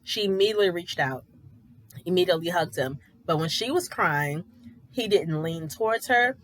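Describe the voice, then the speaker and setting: Woman, young adult, lower-pitched voice, chatty and emphatic reality-show recapper. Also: lively intonation, normal speed. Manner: opinionated, conversational, emphatic. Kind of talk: casual commentary.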